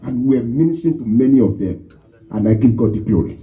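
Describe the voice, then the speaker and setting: A man preaching a sermon in church, emphatic and repetitive, rising to shouts as he leads prayer. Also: mid-range voice, lively intonation, quick pace. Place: church hall. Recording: dull, lo-fi church recording.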